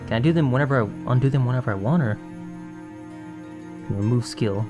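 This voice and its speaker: A man's voice: medium pitch, fairly quick, music in the background. A man playing a video game and talking to himself in a drowsy, muttering way, swearing now and then and admitting he is sleepy. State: sleepy, yawning. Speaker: gaming channel host. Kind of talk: casual game commentary.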